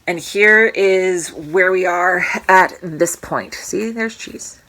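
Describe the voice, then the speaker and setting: Bright-voiced chatty woman vlogger. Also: lowish voice, slow pace, few pauses. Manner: rambling, self-interrupting, jokey. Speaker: cross-stitch vlogger. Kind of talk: casual chatty show-and-tell. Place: at home.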